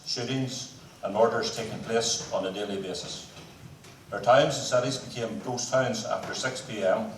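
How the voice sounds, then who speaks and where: An elderly Northern Irish man in his eighties delivers a measured, formal speech as bandmaster. His fairly low voice rings through a large, echoing hall. He is caught from a distance, with faint noise underneath. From Northern Ireland. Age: 80s. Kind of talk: prepared speech on the band's history. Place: concert hall. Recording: echoey hall from far off.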